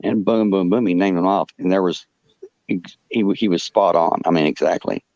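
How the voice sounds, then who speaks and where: A man with a very deep, low voice tells a personal story in a halting, rambling way. He is full of fillers and restarts. The recording is dry and close, with a dull, muffled lo-fi sound. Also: darkish tone, dry recording. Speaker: podcast guest telling a personal story. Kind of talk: rambling first-person anecdote.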